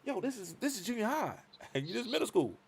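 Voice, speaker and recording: Animated man telling a story on a live stream. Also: high voice, a little fast, gravelly, slightly rough. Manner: animated, acts out both sides of conversations. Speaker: show host.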